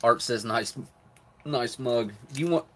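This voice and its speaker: A man's voice: mid-range voice, a little slow, pushed and bright. A middle-aged man hosts a live stream, chatting casually about rations while eating, often with his mouth full. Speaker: live stream host reviewing military rations.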